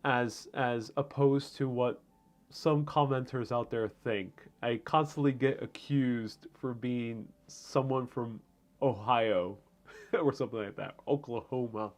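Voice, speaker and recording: A man from Puerto Rico hosts a live stream from home, speaking slowly in a steady, mid-range voice. He chats casually and answers viewer comments in a rambling way, often using fillers and restarting.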